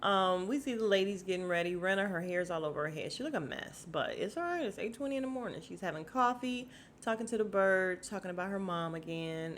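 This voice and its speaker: Chatty, sarcastic woman podcaster, lowish voice. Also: slight background noise. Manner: chatty, sarcastic, frequent laughs and asides. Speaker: podcast host. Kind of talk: casual reality TV recap.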